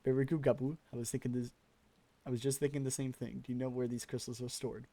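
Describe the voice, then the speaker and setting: A man voicing an earnest young male scholar in a fantasy game, reading in a formal, measured way. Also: medium pitch, little pitch movement, mellow, no room sound, natural voice. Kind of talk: reading game dialogue aloud.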